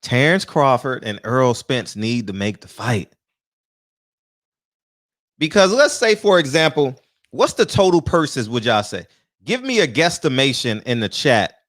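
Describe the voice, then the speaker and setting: A man's voice: medium pitch, very animated, measured pace, a bit bright, no echo, clean studio sound. Chatty man hosting a loose live boxing talk. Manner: loose and chatty, swears casually; laughs often. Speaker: host of a live-streamed boxing talk show. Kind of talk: casual live-stream chat, greeting viewers by name. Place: small room.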